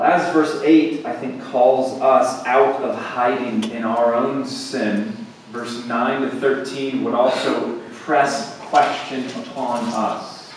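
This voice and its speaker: A man preaching a sermon as pastor, slow and deliberate, swelling to emphatic peaks and then dropping quiet. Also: mid-range voice, a little hiss or hum. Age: young adult to middle-aged, father of boys. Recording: echoey hall, speaker far from mic.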